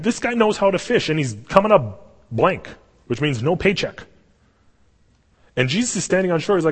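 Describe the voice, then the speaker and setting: Husky pastor in a reverberant hall. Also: male voice, a little high. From Canada. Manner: casual, animated storytelling. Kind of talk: sermon.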